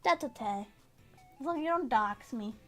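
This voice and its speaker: A woman's voice: fairly high pitch, lively intonation, normal speed, a bit bright, soft background music. A young woman streaming casual chat as she embroiders, bubbly and giggly, sometimes baby-talking. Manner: bubbly, giggly, baby-talks to her cat.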